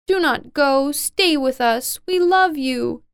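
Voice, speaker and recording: A woman's voice: on the high side, lively intonation, measured pace, no room sound, clean studio sound. A woman voicing jealous, scheming older sisters in a storybook read-aloud, in a whiny, pleading way.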